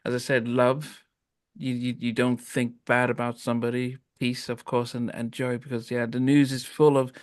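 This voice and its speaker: A man hosting a casual interview, speaking in halting phrases with many fillers. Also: medium pitch, level tone, clear, resonant tone, dry recording, studio quality. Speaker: host.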